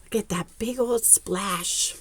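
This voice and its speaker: A woman narrating a picture book aloud to young children, with expressive gasps and remarks spoken straight to her listeners. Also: mid-range voice, slow pace, a little hiss or hum. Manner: talks directly to young viewers. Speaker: children's story reader.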